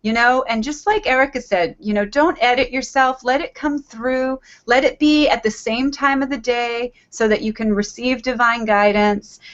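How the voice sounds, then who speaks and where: Middle-aged woman, author hosting a call; earnest, repetitive, upbeat; slightly high voice, lo-fi line. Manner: earnest, repetitive, laughs often. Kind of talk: motivational talk on a call.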